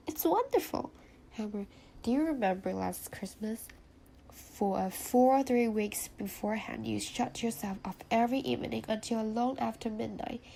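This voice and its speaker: Fond patronizing husband, read by a woman in a gravelly, fairly high voice, stuffy nose, faint hiss. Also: warm tone. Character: fond, condescending husband, man.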